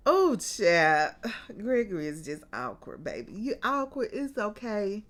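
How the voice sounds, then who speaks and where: A woman's voice: mid-range voice, slow pace. A woman casually recapping a TV episode in a chatty, colloquial way, laughing often and calling her listeners baby and child. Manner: animated, laughs often, drawls out exclamations.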